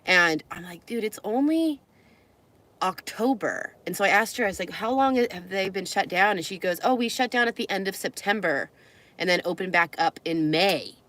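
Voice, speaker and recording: A woman's voice: fairly low pitch, lively intonation, moderate pace, a bit bright. A young woman from California, chatting and rambling in a casual travel vlog from the car she lives in, often laughing. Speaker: vlogger.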